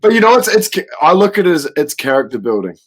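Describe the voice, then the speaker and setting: A man's voice: fairly high pitch, very animated, fast, slightly rough. A man co-hosting a podcast, chatting casually and chuckling often. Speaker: podcast co-host. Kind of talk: casual chat.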